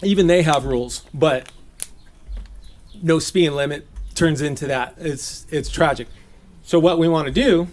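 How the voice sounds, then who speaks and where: A man from Southern California giving a relaxed, chatty sermon, laughing often and slipping into playful voices. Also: a little high, unhurried, pauses often. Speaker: preacher. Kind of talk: casual sermon teaching. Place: gathering.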